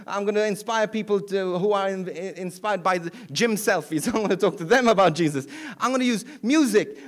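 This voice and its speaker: A middle-aged man from Malta, a priest giving a keynote talk to an audience and taking questions, speaking earnestly with frequent restarts. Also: high-pitched. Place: event hall.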